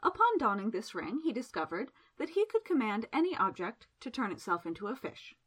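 A woman narrating a fantasy novel aloud in a lively, expressive storytelling manner. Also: on the high side, a little fast, breathy edge. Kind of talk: audiobook narration.

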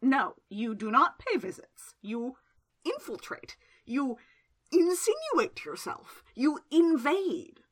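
A woman's voice: very high voice, huge pitch swings, moderate pace, hardly any pauses, fairly bright tone, pitched above the performer's own voice, heavily acted. A woman voicing a fretful, fussy young male magician who protests precisely and indignantly.

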